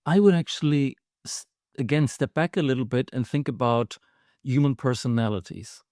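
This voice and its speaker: A man giving advice as a guest on a podcast, explaining in a measured, methodical way. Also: medium pitch, darkish tone, dry recording, studio quality.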